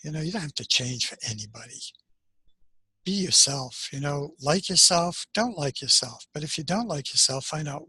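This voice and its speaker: Older guy telling a childhood story, husky bright voice, slow and gentle, dry sound. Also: on the high side, expressive, dry recording. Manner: gentle, unhurried, pausing often. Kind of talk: personal story, reflective monologue. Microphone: webcam on a video call.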